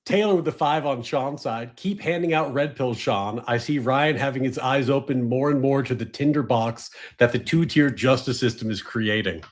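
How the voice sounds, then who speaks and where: A man's voice: medium pitch, normal speed, few pauses. A man co-hosting a casual livestream chat and reading out viewer messages, with wry asides and frequent laughs.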